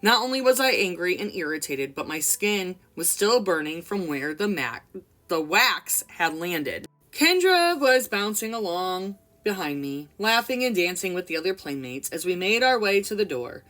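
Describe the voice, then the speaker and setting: A woman's voice: lowish voice, big pitch swings, normal speed, fairly bright tone. A young woman reading a memoir aloud expressively, breaking off for casual commentary. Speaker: book reader and commentator.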